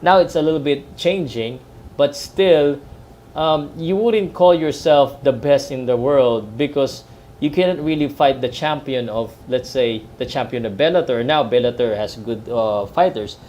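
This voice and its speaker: A man's voice: mid-range voice, a little slow, a little mellow. A man from the Philippines, a professional commentator, chatting loosely about boxing and MMA on a live stream, with many fillers and restarts. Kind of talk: live fight-night talk.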